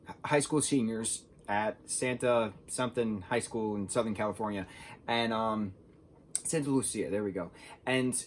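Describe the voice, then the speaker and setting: A man's voice: medium pitch, a little hiss or hum. A young man casually reviewing a film, rambling and filling his talk with "like". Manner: rambling, says "like" a lot.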